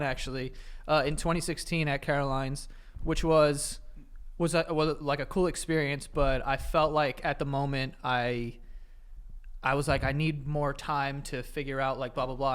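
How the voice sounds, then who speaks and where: A man with a fairly high voice trades banter as co-host of a podcast. He is loose and profane and breaks into laughter often. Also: fairly even intonation, normal speed, fairly bright tone, clean tone. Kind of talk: casual chat.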